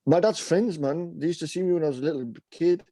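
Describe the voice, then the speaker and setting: A young man with a Bradford accent chats on a podcast in a relaxed, storytelling way. His voice is mellow and dark, recorded dry and close. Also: a little high, fast, no echo. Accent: Bradford English. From England. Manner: laid-back, tells stories, mimics people. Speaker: podcast co-host. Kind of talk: casual chat.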